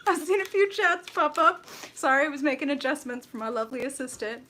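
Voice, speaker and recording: Bright, bubbly woman streamer. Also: quick pace, slight background noise. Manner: laughs often, greets viewers with high excited shouts. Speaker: tarot reader hosting a live stream. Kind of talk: bubbly live-stream chat.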